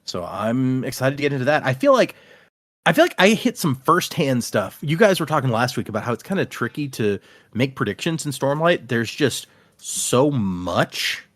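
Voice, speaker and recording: A man's voice: mid-range voice, very animated, normal speed, fairly bright tone, no echo. A man hosting a casual podcast, reading listener emails aloud and laughing easily. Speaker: podcast host.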